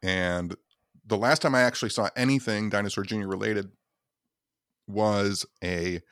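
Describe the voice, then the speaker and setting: A man from Michigan chatting as a podcast guest in a fairly low voice. His delivery is relaxed and easygoing. The sound is dry and close. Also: normal speed, clear, resonant tone, no echo. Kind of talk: casual chat.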